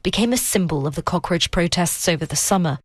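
A woman correspondent files her news report in a measured, formal manner. Her voice sits on the low side, and the sound is dry. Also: animated, dry recording.

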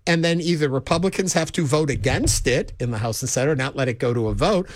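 A man co-hosting a call-in talk radio show, talking in a measured, conversational way and inviting listeners to phone in. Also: on the high side, no room sound, clean studio sound. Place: radio studio. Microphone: close studio mic.

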